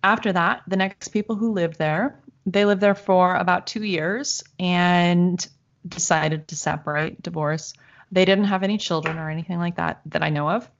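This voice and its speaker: A woman with a fairly low voice tells a personal story in relaxed, conversational chat. She is animated, laughs now and then, and acts out the voices of people she quotes. The recording sounds dull and lo-fi. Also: normal speed.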